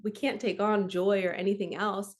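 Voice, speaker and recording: A woman spiritual coach reads from a book to her camera and adds her own thoughts. Her voice is gentle and earnest, and she laughs easily. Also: mid-range voice, flat delivery, moderate pace. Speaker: spiritual coach and card reader. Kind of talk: casual reading aloud from a book with commentary.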